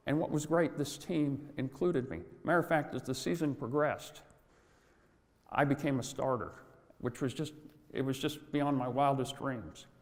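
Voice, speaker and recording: A man's voice: medium pitch, normal speed, in a large hall. An older man giving a motivational talk on workplace culture, telling stories in a folksy way with asides.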